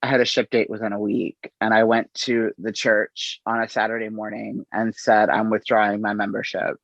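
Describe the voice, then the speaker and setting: A middle-aged man, an interview guest, telling his story in an unhurried, halting way and acting out the exchanges he quotes. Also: fairly low pitch, level tone, vocal fry, fairly bright tone, dry recording. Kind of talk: conversational storytelling. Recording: dull, slightly lo-fi audio.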